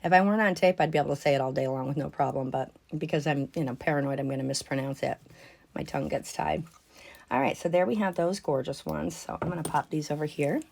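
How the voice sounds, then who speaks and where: Low gravelly-voiced woman vlogger. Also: fast talker, a little mellow. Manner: chatty, gushing over pieces, addresses viewers as guys. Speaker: jewelry unboxing vlogger. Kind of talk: casual chatty unboxing commentary. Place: home.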